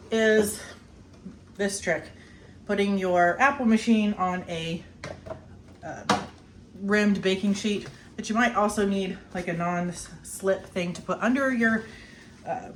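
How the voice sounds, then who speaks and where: A middle-aged woman with a mid-range voice, recorded with slight background noise, gives a casual cooking demo in her own kitchen. As a homestead vlogger she is chatty, laughs frequently, and snacks while she talks.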